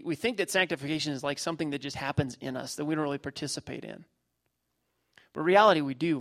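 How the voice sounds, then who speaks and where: A man's voice: fairly high pitch, a bit bright. A middle-aged man preaching a sermon, emphatic, repeating key phrases and using everyday illustrations. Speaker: pastor.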